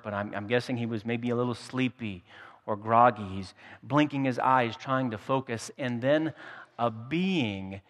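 Storytelling pastor preaching in a reverberant hall. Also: male voice, medium pitch. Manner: storytelling and humorous, often repeats words. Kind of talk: sermon.

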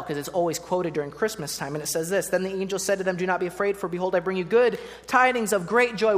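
Conversational preacher in a reverberant hall. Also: medium pitch. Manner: conversational, with playful asides to the congregation. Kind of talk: sermon with Bible reading.

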